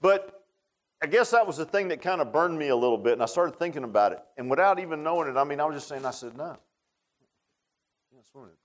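A man preaching a sermon and telling a childhood story, folksy, moving between loud and hushed. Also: on the high side, lively intonation, fast, rough recording.

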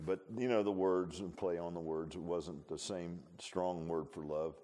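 A preacher with a low-pitched voice talks through his sermon in a folksy, rambling way. He keeps throwing rhetorical questions at the listeners. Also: fairly even intonation, moderate pace, hardly any pauses, a little mellow, a little hiss or hum.

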